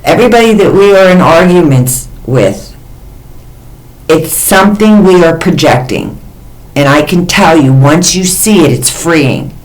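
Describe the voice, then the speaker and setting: A woman vlogger talking candidly and emotionally in a personal confessional monologue. Her pitch jumps suddenly in places. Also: expressive, a little slow, low-quality recording.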